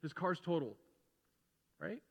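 A middle-aged man preaching a sermon as pastor in a conversational way, building to loud, emphatic repetition. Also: on the high side, very animated, unhurried, breathy edge. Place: church sanctuary. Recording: long hall reverb in a church.

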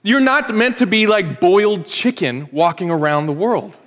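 A man's voice: high voice, animated, moderate pace, fairly bright tone, in a large hall. A man in his forties preaching a sermon, conversational and joking, speaking as a pastor to his congregation.

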